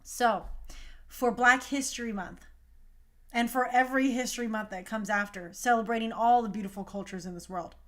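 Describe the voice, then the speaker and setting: A woman's voice: a little high, fairly even intonation, moderate pace. A young woman hosting a talk show, speaking in a passionate, emphatic casual monologue. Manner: impassioned, emphatic.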